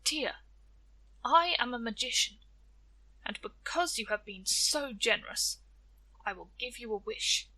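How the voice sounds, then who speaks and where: Friendly little male magician, kindly and courteous, fairly high; a woman reads him. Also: expressive, measured pace, long pauses, pushed and bright, heavily acted.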